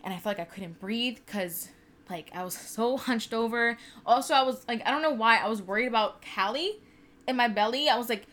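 A woman's voice: on the high side, a little fast, a bit bright. A woman in her twenties telling a personal story in casual chat, candid and profane with lots of "like". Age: 20s. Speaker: podcast co-host.

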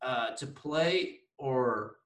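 A man co-hosting a podcast, rambling excitably about sports in casual chat, with some swearing. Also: medium pitch, drawn-out words, recorded from a distance. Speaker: podcast co-host. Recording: echoey room.

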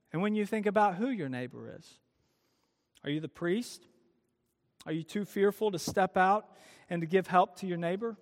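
High-voiced preacher in a reverberant hall. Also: male voice. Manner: animated storytelling preacher, rhetorical questions. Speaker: youth speaker. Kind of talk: sermon.

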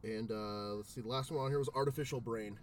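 A man's voice: medium pitch, quick pace, far from the mic, background noise. A man co-hosting a casual podcast chat, laid-back and casually swearing. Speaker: podcast co-host. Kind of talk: casual chat among friends.

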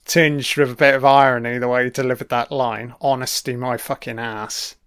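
A man's voice: medium pitch, fairly even intonation, normal speed, a bit bright, smooth. A man hosting a casual audio commentary over a film, with laid-back, profane running remarks.

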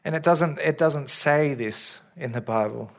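A man preaching in a church, speaking as a pastor in an earnest, caring way with halting restarts, into a stage microphone. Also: fairly high pitch, vocal fry. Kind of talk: sermon. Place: church service. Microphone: handheld or stage microphone.

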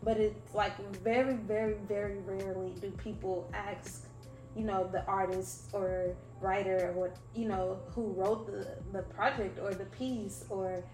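A woman hosting a podcast, talking casually in a rambling, animated way with lots of fillers. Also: medium pitch, measured pace. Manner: rambling, animated, heavy use of "like". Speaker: podcast host. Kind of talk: casual interview chat. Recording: echoey room, faint music.

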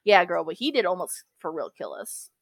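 A woman's voice: lowish voice, very animated, normal speed, gravelly, dry recording. A woman co-hosting a podcast in casual chat, talkative and profane, calling everyone girl. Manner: chatty, swears freely, calls everyone girl. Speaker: podcast co-host.

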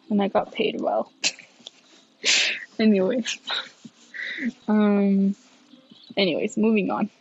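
A woman's voice: medium pitch, a little mellow, highs cut off. A tired young woman, talking candidly and swearing often in a casual solo podcast. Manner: candid and profane, many fillers. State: tired, yawning. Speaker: podcast host.

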